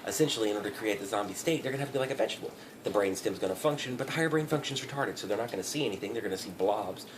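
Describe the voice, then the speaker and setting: A man's voice: on the low side, rapid-fire, background noise. A man giving a profane, rambling comedic rant, often breaking into laughter. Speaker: vlogger.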